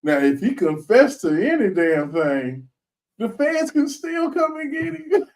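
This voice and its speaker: A man hosting a casual commentary show, talking in an animated, slangy way and laughing often. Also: very high-pitched, measured pace, recorded from a distance, rough recording. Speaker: host.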